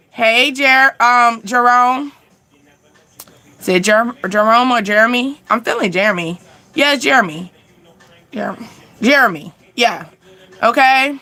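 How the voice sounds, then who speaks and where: A young woman with a slightly high, pushed and bright voice hosts a casual live stream. She speaks candidly while answering viewers' questions, laughing often.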